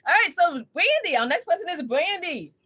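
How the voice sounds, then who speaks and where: A woman's voice: very high-pitched, big pitch swings, moderate pace, pushed and bright. A woman hosting a video call panel, bubbly and giggly as she moves between speakers. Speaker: panel host. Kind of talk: casual panel chat.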